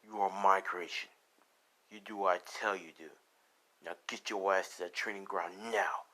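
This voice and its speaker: A man's voice: low voice, steady tone, moderate pace, fairly bright tone, pitched below the performer's own voice, rough recording. A man voicing a brutal, power-hungry middle-aged hero father who growls threats, in a fan-made story. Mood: menacing.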